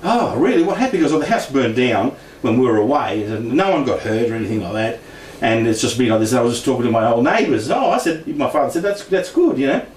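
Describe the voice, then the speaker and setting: A middle-aged Australian man with a mid-range voice tells a personal story about paranormal experiences in a casual way. He talks fast with lively intonation and few pauses, laughs often, and acts out the voices he quotes. The recording has an echoey room, a distant mic, and faint noise.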